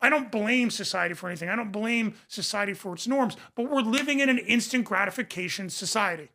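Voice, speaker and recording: A man's voice: sits high, brisk, vocal fry, sharp tone. A man speaking as a podcast guest and recovery coach, in passionate conversation, emphatic and repeating phrases for emphasis.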